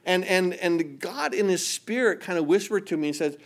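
Preacher, male, fairly high voice, earnest, drops to a hush in prayers. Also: lively intonation, normal speed. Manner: earnest preaching, voice dropping soft in quoted prayers. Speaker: pastor. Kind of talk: sermon.

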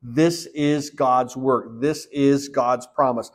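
A man preaching a sermon, reading Bible verses aloud and explaining them, growing louder on key verses and dropping low to close a point. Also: steady tone, slow. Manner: reads scripture aloud then explains it, with fillers and repeats. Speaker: pastor.

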